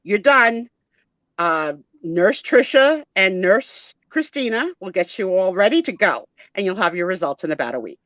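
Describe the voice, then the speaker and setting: A woman's voice: medium pitch, very animated, normal speed, fairly bright tone, no room sound. A woman voicing a formal, prim male doctor doll who speaks in a reassuring but pedantic way. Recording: dull lo-fi dry sound.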